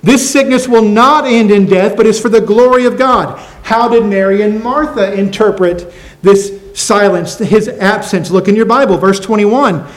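A man's voice: sits high, normal speed, poor audio. A man preaching a sermon as pastor, earnest, repeating phrases and asking the congregation questions.

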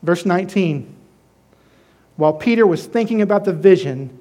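A man's voice: high-pitched, animated, normal speed, dark tone. A male preacher giving a conversational sermon, asking his listeners questions.

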